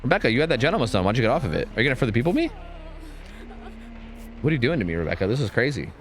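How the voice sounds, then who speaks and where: Animated swearing male game streamer. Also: mid-range voice, rapid-fire, faint music behind. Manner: excitable, swearing, talks to teammates and chat. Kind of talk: live gameplay commentary.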